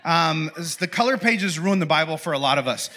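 Chatty bright-voiced young man preaching. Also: fairly high pitch, lively intonation, a little fast. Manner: chatty, self-interrupting, playful. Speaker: pastor. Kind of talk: casual humorous sermon.

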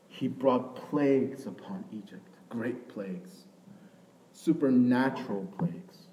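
A young man preaching a sermon in a conversational way, rising to loud emphasis and dropping to hushed asides, with a habit of asking "right?". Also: fairly low pitch, a little hiss or hum, rough recording. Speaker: pastor.

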